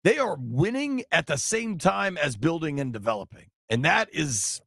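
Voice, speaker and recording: High, gravelly sports radio host. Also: male voice, very animated, normal speed, a bit bright, dry recording, studio quality. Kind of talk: sports talk radio chat. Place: radio studio. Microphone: studio microphone.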